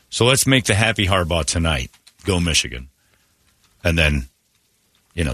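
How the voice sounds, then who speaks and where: A man's voice: low-pitched, sharp tone, no room sound. A man hosting a morning radio show, rambling through blunt, opinionated stories in casual chat from a studio mic.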